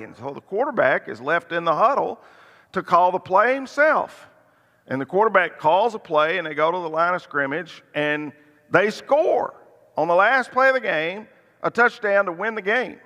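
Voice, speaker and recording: Guy teaching bible study, kinda high voice, tells stories, punches key words. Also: sharp tone. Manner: storytelling, lifts voice for emphasis. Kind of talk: church teaching. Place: church hall. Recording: long hall reverb.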